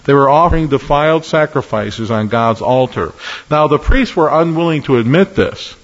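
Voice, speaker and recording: A man's voice: fairly high pitch, lively intonation. Male pastor, earnest emphatic sermon delivery, long hall reverb, slightly muffled sound. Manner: earnest, emphatic preaching with measured pauses.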